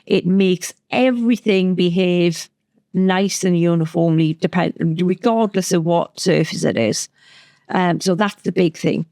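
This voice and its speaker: A woman's voice: on the low side, measured pace, warm tone, no echo. A woman as a craft educator, chatty and enthusiastic, talking through a craft tutorial with frequent restarts.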